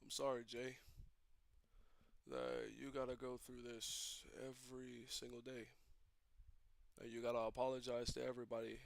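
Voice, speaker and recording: Young man, gravelly voice, halting and despairing solo stream rant, close and dry. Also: medium pitch, little pitch movement, dry recording. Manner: halting, repetitive, despairing monologue. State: emotionally distressed.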